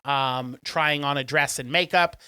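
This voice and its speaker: A man's voice: medium pitch, fairly even intonation, measured pace, bright, forceful tone, clean tone, no room sound. A man co-hosting a podcast, casually retelling a movie and acting out the characters' lines. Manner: chatty storyteller, acts out quotes in funny voices. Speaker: podcast co-host. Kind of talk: casual chat recapping a film.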